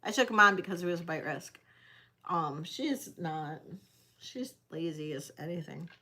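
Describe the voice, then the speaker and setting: A woman's voice: lowish voice, animated, moderate pace, sharp tone. A woman hosting a live-stream vintage jewelry sale, chatting directly with her viewers. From Detroit area, United States. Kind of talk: live-stream auction chat.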